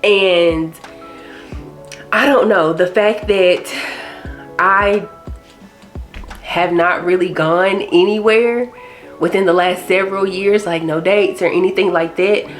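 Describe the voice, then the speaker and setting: A woman's voice: fairly low pitch, steady tone, slow, pauses often, soft background music. A young woman vlogger talking candidly and casually, rambling a little as she shares her goals. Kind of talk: chatty personal vlog talk.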